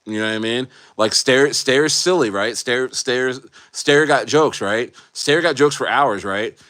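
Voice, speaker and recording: A man ranting casually on a livestream, animated and slangy, repeating himself and often asking if you know what he means. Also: medium pitch, measured pace. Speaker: streamer.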